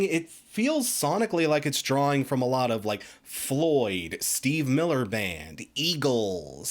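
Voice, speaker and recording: A man giving a casual, chatty album review with emphatic asides. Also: on the high side. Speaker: music reviewer.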